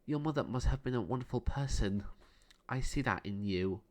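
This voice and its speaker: A man voicing a gentle, kind-hearted young woman in a storybook reading, with a soft, raised voice. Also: medium pitch, normal speed, natural voice. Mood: tender.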